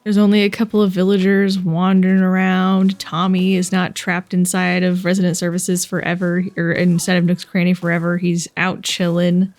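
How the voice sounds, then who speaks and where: A young woman talking through a video game in a relaxed, chatty way. She gets excited easily and giggles often as she comments on what she sees. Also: fairly low pitch, moderate pace, hardly any pauses. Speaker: gaming vlogger. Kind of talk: casual gameplay commentary.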